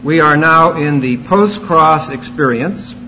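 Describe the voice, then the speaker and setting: A man preaching an expository sermon, emphatic and rising to loud exclamations. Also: fairly high pitch, slow, faint music behind, rough recording.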